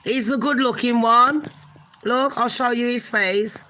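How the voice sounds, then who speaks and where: A woman's voice: on the high side, unhurried, pushed and bright, rough recording. A woman hosting a casual gossip live stream, chatting with viewers and swearing now and then. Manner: chatty, swears, talks to viewers as honey pot. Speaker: gossip channel host.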